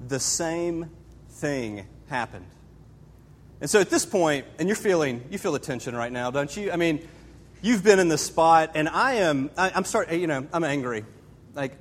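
A man preaching a conversational sermon, telling a personal story with casual asides to the congregation. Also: a little high. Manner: casual, storytelling, speaks straight to the audience with asides. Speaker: pastor. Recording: long hall reverb.

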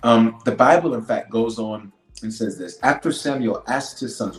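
A man preaching a sermon as a bishop, swinging from loud declarations to hushed lines and repeating phrases for emphasis. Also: medium pitch, animated, a little fast, roomy sound, soft background music, poor audio.

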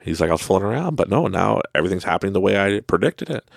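A man with a Canadian accent hosting a podcast, giving a casual motivational monologue, animated and laughing often. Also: deep voice, rapid-fire, vocal fry, no echo, clean studio sound. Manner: animated, laughs often, tags lines with "right?". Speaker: podcast host.

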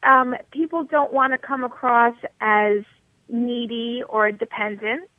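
A woman from New York in her thirties, a motivation coach talking as a radio guest in a blunt, energetic, straight-talking way over the phone. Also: on the high side, takes it slowly, no room sound. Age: 30s. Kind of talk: radio interview. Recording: tinny phone line, dry.

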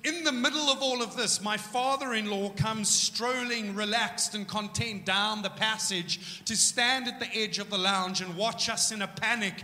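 Man, pastor, sermon, high bright voice, joking storyteller, echoey church hall. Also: normal speed, few pauses. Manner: casual, joking, animated storytelling.

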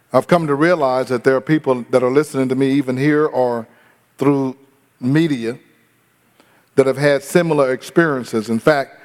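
A male pastor delivering a sermon, retelling a story and questioning the congregation directly. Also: mid-range voice. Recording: echoey hall reverb.

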